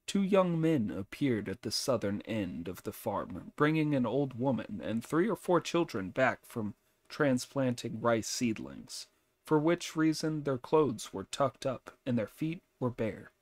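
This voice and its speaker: Guy reading an audiobook, slow and expressive, dry close mic. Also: medium pitch, dry recording. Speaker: audiobook narrator. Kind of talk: scripted narration.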